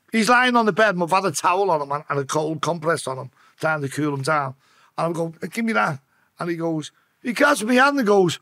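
A man's voice: sits high, lively intonation, normal speed, fairly bright tone. A man with a Liverpool accent, a podcast guest telling a story with lots of swearing and acted-out voices. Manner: swearing, acting out voices in his tale. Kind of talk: emotional storytelling.

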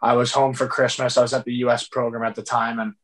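A man's voice: mid-range voice, flat delivery, fast talker. Laid-back young man telling stories. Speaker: guest hockey player. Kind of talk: casual interview chat.

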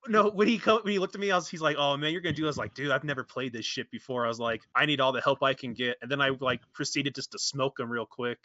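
A man's voice: mid-range voice, fast, few pauses. A man hosting a casual streamed chat show, telling stories with lots of swearing and acting out what people said. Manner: animated, swearing storyteller who acts out quotes. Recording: dull lo-fi stream audio, dry.

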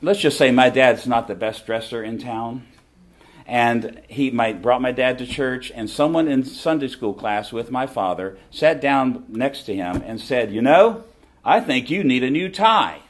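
In a mid-range voice that moves a little slowly, a middle-aged conference speaker with a Southern accent from the southern U.S. preaches emphatically. He repeats his key phrases again and again.

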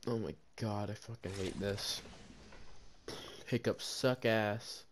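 A young man streaming a video game, chatting casually with a friend, joking and swearing and getting easily excited. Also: on the low side, slow, a little hiss or hum. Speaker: gaming streamer. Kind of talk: casual gameplay chat.

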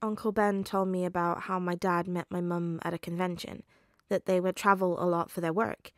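A woman's voice: fairly low pitch, little pitch movement, normal speed, no room sound, clean studio sound, close to an everyday voice. A woman reading a fan story aloud, voicing a nervous, grieving teenage boy who hesitates and trails off with ums.

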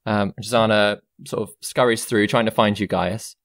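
A man's voice: fairly low pitch, steady tone, moderate pace, dry recording, studio quality. A man running a tabletop game as dungeon master, loose and full of fillers. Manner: loose, filler-heavy, laughs easily.

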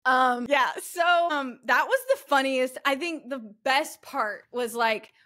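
A young woman telling a story in casual chat, animated and swearing, her voice rising when she gets upset. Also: sits high, unhurried. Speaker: guest.

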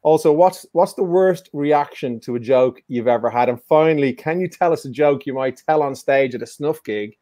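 A man's voice: on the high side, moderate pace, hardly any pauses, warm tone, no room sound, clean studio sound. A man hosting a live-streamed music quiz in a casual, joking, teasing way. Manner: joking, teasing, playful banter. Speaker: quiz show host.

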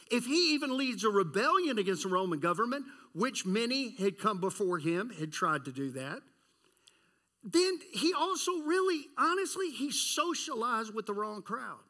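A male pastor preaches with big swings in his voice, jumping from high to low. His tone is bright and forceful. He acts out voices and keeps asking the congregation questions. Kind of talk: sermon.

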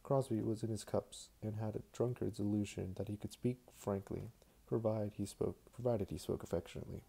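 A man's voice: lowish voice, fairly even intonation, brisk, creaky, warm tone, breathy edge. A man doing a casual fan reading of a novel, tossing in joking asides and restarting words. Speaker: fan reader.

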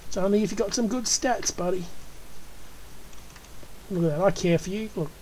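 Mellow Australian woman coaxing game pets. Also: mid-range voice, moderate pace, slight background noise, low-quality recording. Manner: chatty, coaxing and cooing at in-game animals. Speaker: gaming channel host. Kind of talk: casual gameplay commentary.

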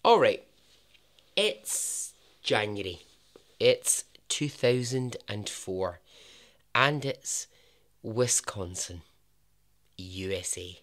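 A Scottish man hosting a podcast, narrating a true story in a chatty way with jokey asides and a lowered voice for emphasis. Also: animated, extremely slow, pauses often, a bit bright. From Scotland. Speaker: podcast host.

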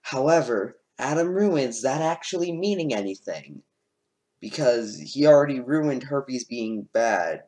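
A man's voice: mid-range voice, expressive, unhurried, a little mellow. A man giving casual, sarcastic commentary while reacting to video clips, with lots of filler words.

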